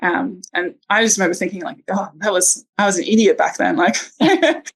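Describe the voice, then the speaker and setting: Lowish gravelly woman telling a story, loads of ums and likes, super casual. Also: fairly even intonation, brisk, poor audio. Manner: chatty, many ums and likes, acts out quotes. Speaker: guest sharing her birth story.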